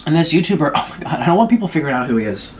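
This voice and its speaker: A young man talks to his viewers between bites, spilling gossip in a lively, up-and-down voice. The delivery is loose and chatty. A faint hum of the room sits underneath. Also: on the high side, rapid-fire. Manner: gossipy, chatty, eating while talking. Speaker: vlogger. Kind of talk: casual mukbang chat.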